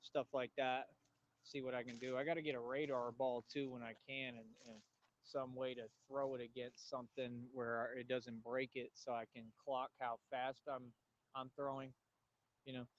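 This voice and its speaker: A man vlogging outdoors, bragging and rambling to his camera in a loose, self-assured monologue. His voice sits in an ordinary middle pitch. The sound is dull and lo-fi, with faint outdoor ambience behind him. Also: level tone, moderate pace, a little hiss or hum. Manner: boastful, rambling, talks to animals in a high cooing voice. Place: outdoors near trees.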